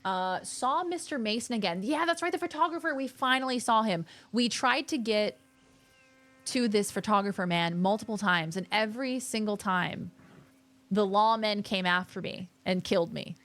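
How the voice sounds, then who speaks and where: A young woman streaming a game, chatting casually and gushing excitedly with her viewers. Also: medium pitch, normal speed. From Australia. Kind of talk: casual live-stream chat.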